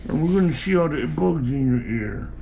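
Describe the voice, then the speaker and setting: A man's voice: fairly high pitch, animated, normal speed, creaky. A man talking to his pet cat in a casual home video, teasing and affectionate. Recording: dull lo-fi home recording, faint background noise.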